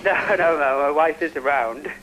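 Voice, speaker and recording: A sheepish man on a live phone-in, stumbling over his answers in a slightly higher voice. The sound comes through a phone line. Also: moderate pace, a bit bright, slight background noise. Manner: hesitant, sheepish. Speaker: caller.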